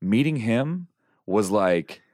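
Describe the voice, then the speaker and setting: A man, an actor guesting on a podcast, telling stories with animated enthusiasm. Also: lowish voice, takes it slowly, dry recording, studio quality. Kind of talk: casual chat.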